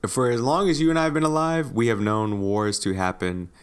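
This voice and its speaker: A man's voice: mid-range voice, fairly even intonation, fairly quick, clean tone. A man co-hosting a podcast in casual chat, tossing in dry, wry quips. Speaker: podcast co-host.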